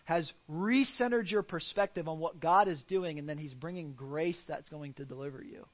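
A man's voice: fairly high pitch, moderate pace, hardly any pauses, muffled recording. A man preaching a sermon as pastor, earnest and fond of rhetorical questions.

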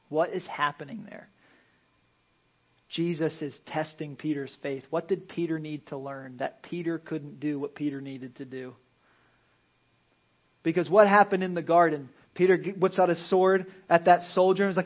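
Man preaching a lively sermon. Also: on the high side, moderate pace, pauses often, lo-fi sound. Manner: conversational preaching, dropping to a hush for emphasis; acts out Bible scenes in playful character voices. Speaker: pastor.

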